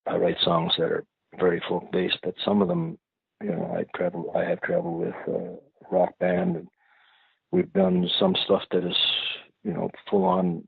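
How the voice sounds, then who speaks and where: A man from Prince Edward Island, Canada, giving thoughtful, unhurried interview answers as a singer-songwriter guest, searching for his words. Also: deep voice, big pitch swings, gravelly, slightly rough, no room sound. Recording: tinny phone-like line, dry.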